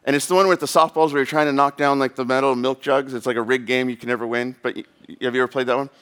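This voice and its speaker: A man's voice: mid-range voice, fairly even intonation, very fast, a bit bright, clean tone. A man in his thirties preaching a sermon in a casual, rambling way, full of fillers and asides. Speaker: pastor.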